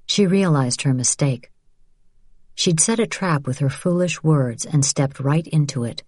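A woman reading a novel aloud as narrator in a measured, even way. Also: low-pitched, husky, no room sound, clean studio sound. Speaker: audiobook narrator. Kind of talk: scripted narration.

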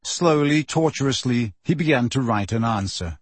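A man narrating an audiobook in steady storytelling. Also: mid-range voice, normal speed, slightly rough, dry recording. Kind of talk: scripted narration.

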